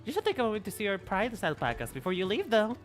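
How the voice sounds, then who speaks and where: A man's voice: sits high, wildly swooping pitch, fast talker, pitched above the performer's own voice. A man casually reading a chatty female alpaca rancher's game lines aloud, stumbling now and then. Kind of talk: casual dialogue read-along. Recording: faint background music.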